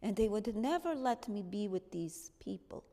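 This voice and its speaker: A woman's voice: mid-range voice, moderate pace, natural voice. An actress as a spirited storytelling woman. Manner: animated, direct storytelling to an audience. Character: spirited woman recalling her wartime past. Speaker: stage actress in a one-woman show. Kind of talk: theatrical monologue. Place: church. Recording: long reverb of a church hall.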